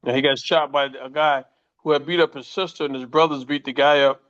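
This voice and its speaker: Older guy, ex-boxer swapping stories, swears a lot, kinda high voice, muffled lo-fi sound. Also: a little fast. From United States. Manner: profane, animated anecdotes with quoted voices. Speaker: former boxer, interview guest. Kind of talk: casual storytelling interview. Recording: muffled lo-fi audio.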